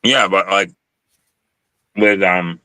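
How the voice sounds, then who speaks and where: Very deep-voiced laid-back man swearing. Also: steady tone, bright, forceful tone, no room sound. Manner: laid-back, profane, halting storytelling. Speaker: host. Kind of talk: casual chat.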